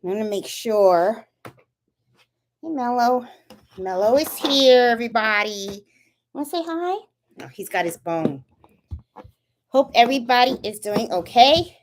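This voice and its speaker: A woman's voice: a little high, a little slow, long pauses, a little hiss or hum. A woman hosting a casual craft livestream, chatty and full of fillers, checking in with viewers. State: a little out of breath. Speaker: channel host. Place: indoors at home, chilly room.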